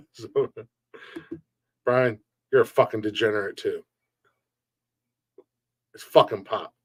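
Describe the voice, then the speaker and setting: Dude hosting a live stream podcast, cussing and joking around, dry close sound. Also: male voice, lowish voice, takes it slowly, pauses often, slightly rough, no echo. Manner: blunt, profane, joking rants; laughs often between remarks. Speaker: podcast host reading chat. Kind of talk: casual live-stream chat.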